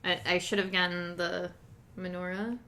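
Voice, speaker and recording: A woman co-hosting a casual comics podcast, chatty and quick to laugh. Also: fairly low pitch, flat delivery, pushed and bright, a little hiss or hum. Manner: laughs often, loose and chatty. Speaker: podcast co-host.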